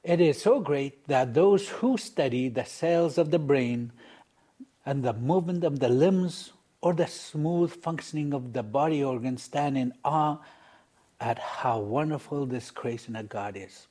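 A man giving a scripted devotional talk in a measured, read-aloud way. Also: medium pitch, mellow. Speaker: preacher.

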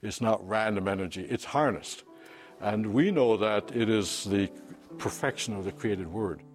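A man's voice: lowish voice, unhurried, over music. A man preaching an unscripted sermon, emphatic, with fillers and restarts.

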